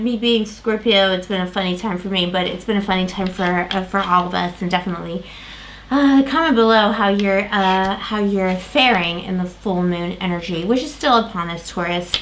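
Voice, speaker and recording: A woman's voice: medium pitch, moderate pace, fairly bright tone, a little hiss or hum. A woman giving a tarot reading to camera, rambling with many fillers and restarts while losing her voice. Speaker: tarot reader.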